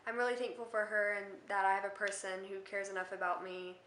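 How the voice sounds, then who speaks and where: A young woman tells a rambling storytime vlog in a bright, forceful voice, full of filler words. Her voice rings around an echoey room. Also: medium pitch, steady tone, fast, a little hiss or hum. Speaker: vlogger.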